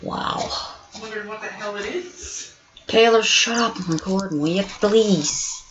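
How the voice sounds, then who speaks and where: A woman hosting a let's play video, giving excitable gameplay commentary full of exclamations and swearing. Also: mid-range voice, extremely slow, muffled recording, noisy background.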